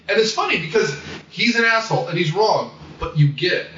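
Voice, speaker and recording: A man with a bright, forceful, fairly high voice rambles through a casual film chat, laughing and cursing as he goes. He sounds set back from the mic in an echoey room. The recording is dull and carries a faint hiss. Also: expressive, fairly quick. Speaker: podcast host. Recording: roomy, distant, dull sound with faint noise.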